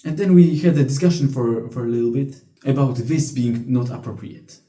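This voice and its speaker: Young man, blunt profane rant, very dark voice, echoey room. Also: medium pitch, normal speed. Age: young adult. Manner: blunt, profane, frequent restarts. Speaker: vlogger. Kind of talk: casual storytelling rant.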